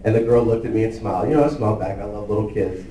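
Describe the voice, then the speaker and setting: A man's voice: lowish voice, racing, mellow, slight background noise. A young man telling a comedy story at an office party, chatty and rambling with lots of fillers. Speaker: employee doing a stand-up skit. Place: office holiday party, indoors. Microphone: far camera. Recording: echoey party room, far from the mic, faint ambience.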